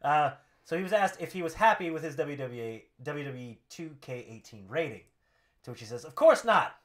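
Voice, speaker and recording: A young man co-hosting a casual wrestling podcast, animated and laughing often as he reads and acts out quotes. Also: a little high, a little fast. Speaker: podcast co-host.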